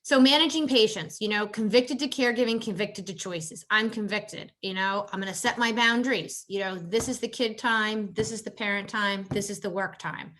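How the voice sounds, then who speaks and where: A woman with a mid-range voice leads a workshop as a health coach. Her delivery is conversational and full of "you know" and "right?" tags. She raises her pitch to act out the exchanges she quotes. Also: moderate pace, hardly any pauses, fairly bright tone. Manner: acts out quoted exchanges in a higher voice. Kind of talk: workshop presentation on caregiver stress.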